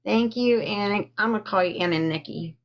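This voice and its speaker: A woman telling a personal story on a live stream into a phone, halting with frequent pauses and fillers, stopping to thank viewers. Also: medium pitch, highs cut off. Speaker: livestreamer telling her own story.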